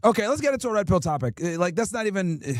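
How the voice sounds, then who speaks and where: Man, livestream host, brash and profane, high-pitched, dry close sound. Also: very fast, no echo. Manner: brash, profane and animated, with repeated rhetorical questions. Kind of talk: casual livestream chat.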